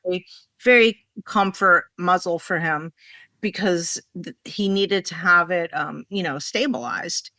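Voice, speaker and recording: A woman telling a rambling story in a casual podcast conversation, acting out what people said with lively swings in her voice. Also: lowish voice, unhurried, no room sound. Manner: animated, rambling, acts out quoted dialogue.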